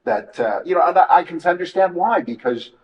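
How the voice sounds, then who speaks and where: A man's voice: fairly high pitch, animated, fairly quick, a little hiss or hum. Plain-spoken man, dull distant sound. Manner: conversational, blunt and encouraging. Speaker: interview host. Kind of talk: casual interview chat.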